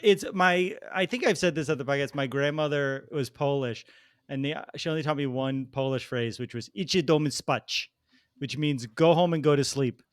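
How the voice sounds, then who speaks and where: A man's voice: mid-range voice, moderate pace, clear, resonant tone, dry recording, clean studio sound. A man co-hosting a casual soccer podcast, playful and given to rants, keen to move the show along. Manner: playful, ranting, eager to steer the show. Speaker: podcast co-host.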